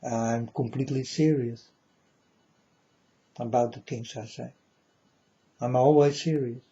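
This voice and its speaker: Slow, mellow-voiced man ranting earnestly. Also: medium pitch, fairly even intonation, dull audio. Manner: earnest, deliberate, addresses viewers as folks. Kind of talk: rambling monologue to camera.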